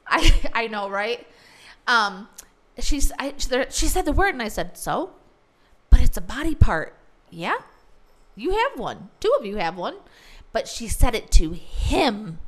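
A woman chatting casually and telling a story with lots of expression. Her voice sits a little high, and she jumps into the voices of the people in the story. The talk is relaxed and conversational. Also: measured pace, pauses often. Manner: animated storyteller who acts out the voices of others. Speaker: teacher.

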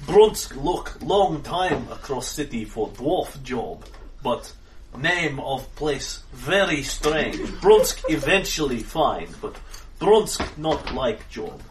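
A man doing a slow, simple-minded bouncer. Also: medium pitch, lively intonation, background noise. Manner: slow, simple broken phrasing. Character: slow-witted male bouncer speaking broken English. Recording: echoey room, far from mic.

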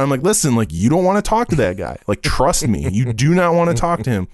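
A man's voice: medium pitch, big pitch swings, fairly quick, dry recording, clean studio sound. A man telling stories in a casual podcast chat, rambling with many fillers and swearing freely.

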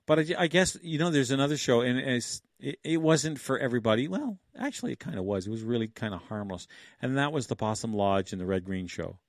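A man's voice: medium pitch, animated, fairly quick, no echo, clean studio sound. A man in his sixties from Canada, hosting a casual livestream, rambling, chuckling and thinking aloud as he talks to his viewers. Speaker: livestream host.

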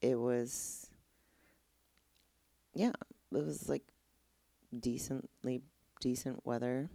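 Young woman host, low and dry, candid rambling chat, fed-up tone. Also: steady tone, slow pace, creaky, dark tone, no room sound. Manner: candid, exasperated, rambling with lots of "like". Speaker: podcast host. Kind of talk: casual solo podcast chat.

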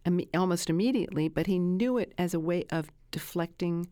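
Dry-sounding woman telling lively anecdotes. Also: on the low side, a little fast, dry recording. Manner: lively anecdotes, acts out quoted dialogue. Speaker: animal researcher guest. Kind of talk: conversational interview storytelling.

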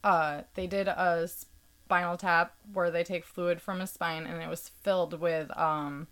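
A woman's voice: on the low side, fairly even intonation, unhurried, fairly bright tone, clean tone. A woman in casual conversation, earnestly explaining a medical ordeal step by step, with frequent fillers. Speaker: podcast guest.

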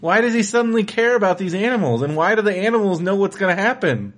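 A man's voice: high voice, lively intonation, quick pace. A man co-hosting a casual comedy podcast, riffing with incredulous, sarcastic commentary on a comic strip. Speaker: podcast co-host.

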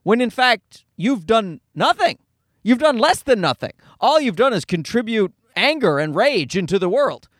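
A man in his thirties rants on his casual comedy podcast, swearing plenty and bursting into acted-out mock voices. His high voice leaps around a lot at a moderate pace, and the dry, close sound with no echo suggests a small home studio.

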